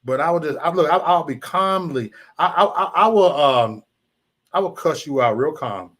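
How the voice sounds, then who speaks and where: Profane, animated male livestream host. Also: fairly high pitch, moderate pace. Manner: profane, animated, mocking chat trolls. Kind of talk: ranting live-stream chat.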